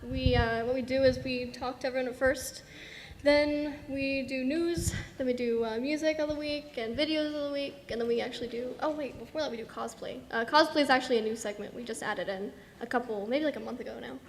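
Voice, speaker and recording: High-voiced young woman, bubbly panel host, rambling, long hall reverb. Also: brisk, a little hiss or hum. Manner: bubbly, rambling, laughs often. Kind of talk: live convention panel talk. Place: large convention hall.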